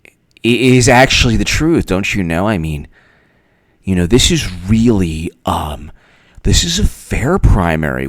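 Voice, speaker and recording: A man delivers a political commentary monologue, his pitch swinging widely as he goes. He talks in a sarcastic, rambling way. The recording is dry and close. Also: no room sound. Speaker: political commentator, channel host.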